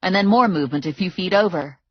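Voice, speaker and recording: A woman narrating a first-person audiobook in a brisk, wry storytelling manner. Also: lowish voice, highs cut off.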